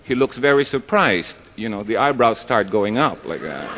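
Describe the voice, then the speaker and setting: Against a noisy background, a stage performer with a low voice tells jokes at a live show in a large hall full of people. His chatty, rambling set leans on self-mockery, and the sound has long hall reverb.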